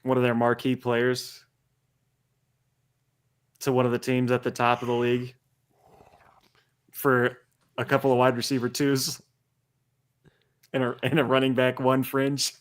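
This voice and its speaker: A man co-hosting a sports podcast, making calm, dry, understated quips. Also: mid-range voice, measured pace, pauses often, smooth. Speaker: podcast co-host. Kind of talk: casual sports podcast chat.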